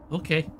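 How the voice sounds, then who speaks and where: A man's voice: a little high, background noise. A man hosting a let's play, musing aloud in casual gameplay commentary.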